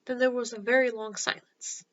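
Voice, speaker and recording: A woman storyteller narrating a classic children's book in a gentle, steady read-aloud style. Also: on the high side, moderate pace, no room sound, highs cut off.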